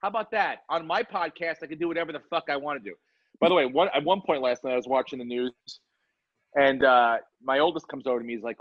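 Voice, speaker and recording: A man's voice: on the high side, fast, dry recording, dull audio. Rambling, profane podcast host, a man. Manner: rambling, profane, self-deprecating. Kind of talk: casual chat.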